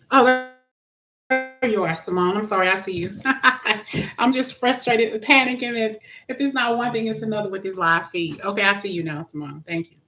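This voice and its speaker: A woman's voice: medium pitch, a little slow, pauses often, fairly bright tone, rough recording. A woman hosting a live tarot stream, chatting casually and greeting viewers by name, with frequent restarts.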